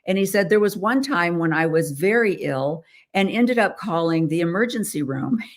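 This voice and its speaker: A woman's voice: on the low side, expressive, normal speed. An American woman hosting a podcast, talking casually in a chatty, rambling way with many fillers and restarts. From United States. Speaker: podcast host. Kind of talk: casual solo talk.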